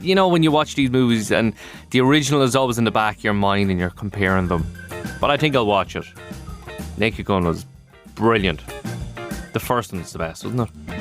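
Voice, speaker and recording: A man presenting a breakfast radio show in a chatty, animated way. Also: medium pitch. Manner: chatty, animated, asides and fillers.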